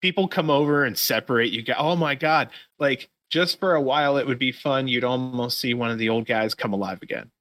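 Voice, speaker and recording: Bright-voiced man recapping wrestling casually. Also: medium pitch, fairly quick, few pauses, dry recording. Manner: profane, rambling play-by-play recap. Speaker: podcast host.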